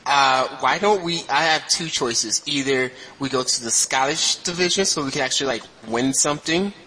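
Man, podcast co-host, bright edgy voice, hesitant and teasing, faint room noise. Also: medium pitch, normal speed, rough recording. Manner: hesitant, many fillers, teasing. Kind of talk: casual podcast chat.

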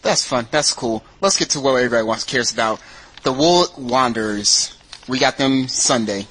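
A man's voice: mid-range voice, moderate pace, a bit bright, husky, poor audio. A man hosting a casual football podcast, steering the talk between segments with a joking tone. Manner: joking, moves the show along. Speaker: podcast host.

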